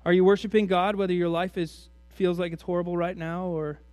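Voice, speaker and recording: A male pastor with a high-pitched voice preaches in a conversational style, throwing rhetorical question after question at his congregation. The sound is dry and close, with almost no room echo. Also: level tone, brisk, a little mellow, faint music behind. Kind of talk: sermon.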